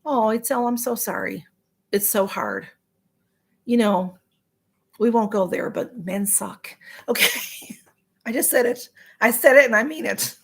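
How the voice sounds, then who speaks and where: A woman's voice: on the high side, sing-song, a little slow, long pauses, breathy edge. A woman hosting a casual live stream, chatting and answering viewer comments in a sympathetic way, with frequent ums and restarts. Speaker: livestream host reading viewer comments.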